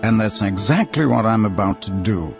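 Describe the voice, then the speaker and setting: A man voicing a cold, polite gentleman. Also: fairly low pitch, lively intonation, normal speed, vocal fry, highs cut off, over music. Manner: cold and precise.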